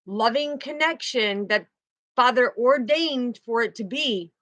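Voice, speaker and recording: A woman with a slightly high voice gives a casual spiritual tarot reading. She rambles from thought to thought, repeats words as she restarts, and tags her sentences with "right?" or "okay." The talk stays loose and unscripted. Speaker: intuitive tarot reader.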